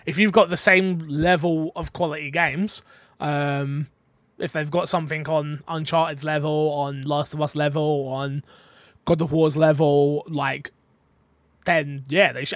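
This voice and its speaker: A man's voice: a little high, a bit bright, no room sound. A man co-hosting a casual podcast, rambling and teasing, often restarting his sentences. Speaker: podcast co-host. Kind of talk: casual chat.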